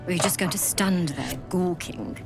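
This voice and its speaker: A woman voicing a haughty githyanki healer who talks in a hushed, clinical and condescending way, over game music. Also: lowish voice, lively intonation, normal speed, vocal fry. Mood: scornful.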